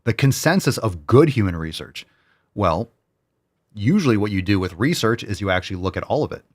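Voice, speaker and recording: A man with a fairly low voice delivers a heated solo rant as a show host. He swears constantly, drips with sarcasm and hammers his points by repeating them. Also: expressive, brisk. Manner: repeats phrases for emphasis. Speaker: podcast host. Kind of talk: solo ranting commentary.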